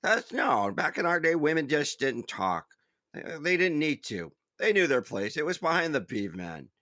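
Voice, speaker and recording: A man's voice: a little high, very animated, normal speed, pushed and bright, no room sound, clean studio sound. A man doing a crusty old-timer. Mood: mock boastful.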